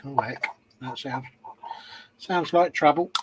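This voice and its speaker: Male co-host, slightly high voice, dry sense of humor, light background noise. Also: slow pace. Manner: dry, deadpan quips. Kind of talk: casual chat while model building.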